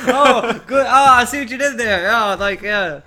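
A man hosting a casual chat, easygoing and quick to laugh. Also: very high voice, sharp tone.

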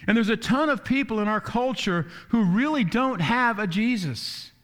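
Male pastor, high voice, lively preacher who acts out the voices he quotes; church sermon delivery. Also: normal speed.

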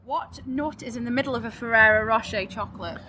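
Woman interviewer, playful quiz host, bright forceful tone. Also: on the high side, quick pace, a little hiss or hum. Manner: playful, chatty. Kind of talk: casual chat, reading quiz questions.

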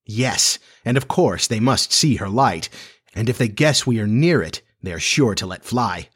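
A man voicing a bold, boastful boy leader in a storybook reading, brisk and sharp. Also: lowish voice, lively intonation, husky.

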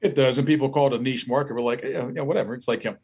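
A man with a Philadelphia accent, a musician guest telling profane, animated stories in casual podcast conversation. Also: mid-range voice, racing, breathy edge.

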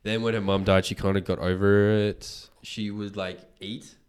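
A man, hosting a podcast and retelling a story in casual chat, animated and swearing freely. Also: lowish voice, normal speed, clean tone. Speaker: podcast host.

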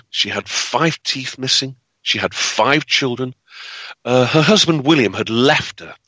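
A man's voice: medium pitch, sharp tone, breathy edge, no echo, poor audio. A man telling a grim piece of local history in a dramatic, unscripted way, with many fillers and restarts. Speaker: historical storyteller. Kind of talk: spoken history storytelling.

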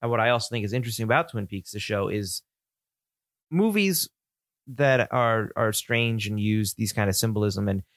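A man co-hosting a casual film chat, thoughtful and halting as he works through his ideas. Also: on the low side, fairly bright tone, no room sound, studio quality. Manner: thoughtful, halting, many restarts while explaining. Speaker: podcast co-host. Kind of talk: casual chat about films.

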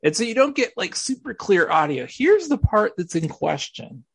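A man's voice: sits high, very animated, moderate pace, creaky, breathy edge, no echo. A man hosting a sports radio podcast, explaining clips in a casual, mock-serious way. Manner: mock-serious, walks through audio clips. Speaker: podcast host.

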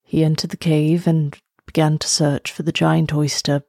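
Storybook: woman doing a tired old male turtle, low, measured, explanatory, dry sound. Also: little pitch movement, vocal fry, mellow, no room sound. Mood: weary, explaining. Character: weary old male sea turtle, patient and wise. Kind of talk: storybook reading.

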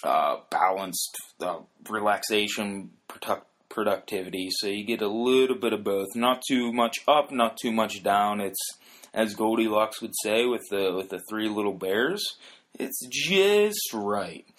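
Low-ish guy hosting his own podcast, rambly, lots of uh and if you will. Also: steady tone, normal speed, fairly bright tone. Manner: rambling, many fillers and restarts, "if you will". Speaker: podcast host. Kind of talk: casual solo explainer.

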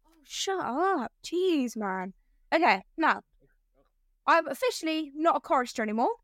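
A woman's voice: high voice, big pitch swings, measured pace, a bit bright, no room sound, clean studio sound. A young woman, co-hosting a casual podcast and telling a story with lots of giggles. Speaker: podcast co-host.

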